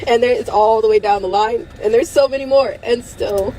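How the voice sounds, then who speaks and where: A woman's voice: fairly high pitch, normal speed, warm tone, a little hiss or hum, rough recording. A young woman talking in an emotional unscripted monologue, rambling and strained, close to tears, breaking into nervous laughter between phrases. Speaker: vlogger.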